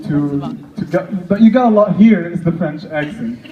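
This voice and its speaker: A man's voice: sits high, moderate pace. A man doing a stand-up comedy set, chatty and teasing the audience, often breaking off mid-sentence. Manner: chatty, self-interrupting, teasing the crowd. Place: stage before a laughing crowd. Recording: roomy, muffled live club recording. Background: crowd laughter.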